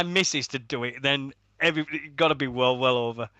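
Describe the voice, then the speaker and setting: A man's voice: mid-range voice, a little fast, sharp tone, no room sound, dull audio. A British man co-hosting a wrestling radio show, rambling through stories with plenty of swearing and laughing at his own jokes. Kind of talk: casual podcast banter.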